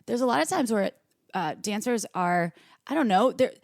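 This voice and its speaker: A woman co-hosting a podcast, telling stories in an animated, casual way and jumping up in pitch when quoting people. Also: normal speed, vocal fry, no echo, clean studio sound. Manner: animated storytelling, voices quoted lines high and bright. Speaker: podcast co-host.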